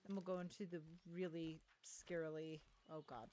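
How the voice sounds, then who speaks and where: A woman giving chatty let's play commentary, thinking aloud with excitable little exclamations. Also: low-pitched, a little fast, hardly any pauses. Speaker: gaming streamer.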